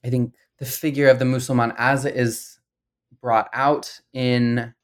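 A man's voice: medium pitch, little pitch movement, measured pace. A man interviewing an author in a casual conversation, speaking tentatively.

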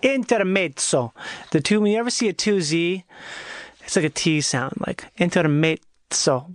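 A man's voice: sits high, expressive, brisk, no room sound, clean studio sound. A man hosting a podcast alone, rambling and swearing in a loose comedic monologue with many restarts. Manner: rambling, profane, self-interrupting. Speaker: podcast host.

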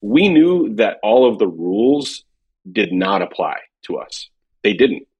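A man's voice: fairly low pitch, wildly swooping pitch, unhurried, vocal fry, a little mellow, husky, dull audio. A man chatting casually in a podcast, telling rambling stories from his years at a drum company, full of fillers and restarts.

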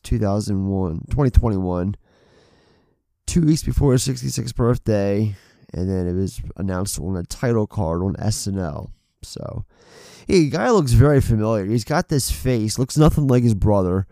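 A male podcast co-host talks in a loose, rambling way, swearing often and joking at his own expense. His voice is gravelly and mellow. The recording is dry and close, with no room sound. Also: lowish voice, no room sound. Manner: profane, rambling, self-deprecating. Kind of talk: casual chat.

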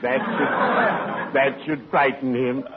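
An actor playing a pompous, scheming neighbor in a 1940s radio comedy, wordy and full of dry wisecracks. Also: male voice, medium pitch, fairly even intonation, slow pace, natural voice. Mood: smug. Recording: tinny old radio broadcast with faint hiss.

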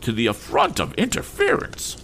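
Guy putting on a super high-pitched snooty lady, bossy, lively swoops. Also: normal speed, slight background noise. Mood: haughty. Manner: imperious and shrill. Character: haughty, pompous mother, a grand lady.

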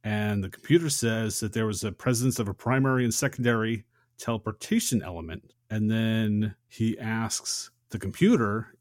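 A man's voice: fairly low pitch, normal speed, dry recording, studio quality. A man co-hosting a podcast, recapping a film scene in a casual chat with long chains of "and". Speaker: podcast co-host.

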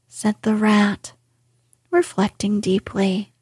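A woman reading a storybook aloud in whispered role-play, softly and unvoiced. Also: on the high side, slow pace, husky, no echo, studio quality. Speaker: narrator.

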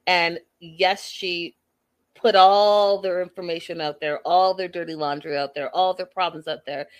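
A woman's voice: lowish voice, a bit bright, dry recording. Chatty woman recapping with a dry sound. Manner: chatty, opinionated, retelling scenes in quoted dialogue. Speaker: reality TV recap host. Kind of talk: casual recap commentary.

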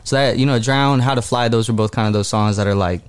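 A man's voice: lowish voice, fast, smooth, no room sound. A man who is a guest musician, reflecting on his songs in a casual way with many fillers. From Dallas. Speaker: guest artist. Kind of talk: casual podcast chat.

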